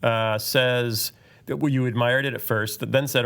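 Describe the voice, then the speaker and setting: A man's voice: medium pitch, steady tone, moderate pace, creaky, fairly bright tone, clean tone. A man hosting a podcast in a casual, joking chat with his co-hosts. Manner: jokey, sings a goofy theme song. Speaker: podcast host.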